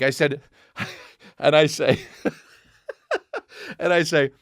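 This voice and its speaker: A man hosting a podcast, telling a comedic story in a profane, animated way that climbs high as he gets excited. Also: normal speed, long pauses, dry recording, studio quality. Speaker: podcast host. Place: podcast studio.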